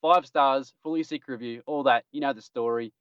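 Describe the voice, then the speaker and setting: A man's voice: medium pitch, normal speed, fairly bright tone, smooth, no echo. A man hosting a casual podcast news roundup, joking and laughing at his own jokes. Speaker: podcast host. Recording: dull dry lo-fi recording.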